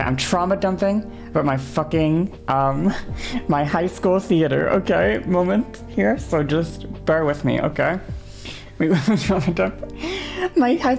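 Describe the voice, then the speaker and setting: A woman in her twenties, streaming and telling a story in a heated, swearing rant, often pausing to check in with her listeners. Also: deep voice, creaky, a little mellow. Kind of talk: casual stream chat.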